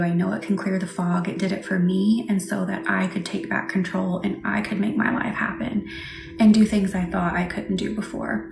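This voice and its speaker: A woman leading a live Reiki session and chatting with viewers, speaking softly and reassuringly, sometimes dropping to a whisper. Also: medium pitch, creaky. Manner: soft, reassuring, often drops to a whisper. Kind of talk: livestream chat with viewers. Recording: echoey room with faint background noise.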